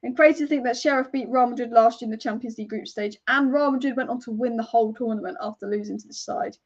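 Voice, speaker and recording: Young woman, high-pitched, chatty fan host reacting live, casual swearing, slightly dull lo-fi sound. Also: fast. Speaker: football fan channel host. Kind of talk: live match watch-along commentary.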